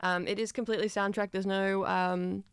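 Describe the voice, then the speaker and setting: A woman's voice: medium pitch, little pitch movement, clear, resonant tone, dry recording, studio quality. A young woman co-hosting a radio show, chatting casually about a film with lots of fillers. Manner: chatty, fast, with many fillers. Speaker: radio co-host.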